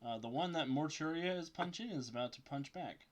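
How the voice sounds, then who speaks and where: A man running a tabletop game as game master, narrating dice rolls in a brisk, matter-of-fact way. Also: on the high side.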